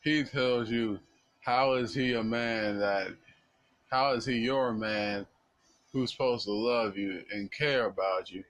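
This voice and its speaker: Man, mid-pitch, earnest and blunt monologue, casual and impassioned. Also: slow, a bit bright, rough recording.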